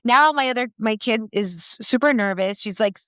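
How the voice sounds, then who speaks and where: A middle-aged woman co-hosting a podcast, telling a story in casual chat with many restarts and halting repeats. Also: a little high, fairly bright tone, dry recording. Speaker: podcast co-host.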